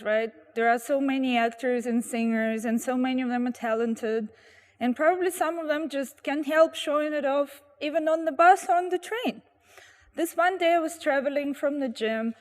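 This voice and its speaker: A woman tells lively anecdotes outdoors by a street corner, slipping into the voices of the people in her stories. Her voice sits high, and a long reverb trails behind it. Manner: animated, acts out quoted voices. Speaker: storyteller guest. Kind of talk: anecdotal storytelling.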